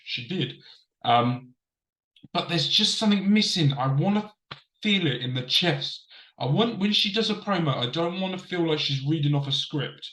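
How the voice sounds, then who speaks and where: A man speaks straight to camera in a casual wrestling review show filmed with a desk camera setup, restating points to drive them home. His voice is a little high, animated and sharp, at normal speed, with roomy, low-quality audio.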